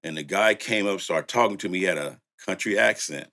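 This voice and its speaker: Older male producer, low voice, easygoing storyteller with frequent laughs. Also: a little fast, bright, forceful tone. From Louisiana and San Francisco. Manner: laid-back, laughs often, says "you know". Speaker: music producer and studio owner. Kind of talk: storytelling in casual conversation.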